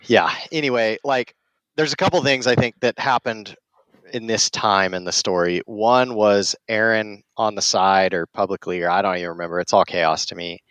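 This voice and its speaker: A man's voice: on the low side, fairly even intonation, normal speed, fairly bright tone, smooth, no echo, muffled recording. A man who is a guest on a podcast, telling a story in an easygoing, reflective way. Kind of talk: casual chat.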